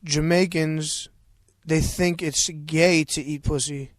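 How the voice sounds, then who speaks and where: A man's voice: on the high side, fairly even intonation, takes it slowly, no room sound. A middle-aged man with a New York accent, chatting as a podcast guest, loose and profane in his storytelling. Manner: profane, laid-back storytelling. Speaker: guest rapper. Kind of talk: casual podcast chat.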